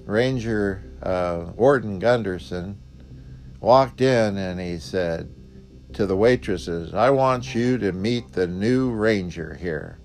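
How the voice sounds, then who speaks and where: Older male storyteller, deep and low-pitched, relaxed dry delivery, soft guitar underneath. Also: takes it slowly. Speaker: storyteller, retired park ranger. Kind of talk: casual spoken storytelling.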